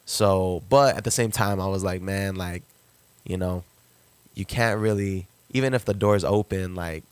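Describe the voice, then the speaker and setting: Young man, low voice, animated storytelling. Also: measured pace, clean tone, no room sound. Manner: animated, jumps pitch to act out quotes. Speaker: podcast guest, rapper. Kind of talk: casual storytelling.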